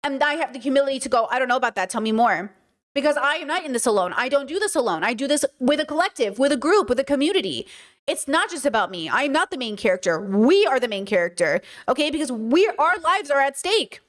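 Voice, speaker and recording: A woman's voice: sits high, big pitch swings, fast talker, fairly bright tone. A woman hosting a commentary livestream, talking emphatically and asking her audience rhetorical questions. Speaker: streamer host.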